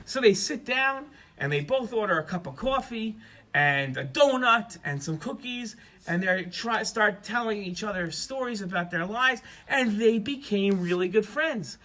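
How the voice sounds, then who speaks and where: A man narrating a children's story as a storyteller, in an animated, expressive way. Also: high-pitched, measured pace.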